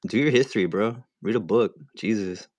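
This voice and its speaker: A man's voice: fairly low pitch, fairly quick, a little mellow, dry recording. A young man joking around as a guest on a casual drawing stream, teasing and repeating catchphrases. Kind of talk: casual chat.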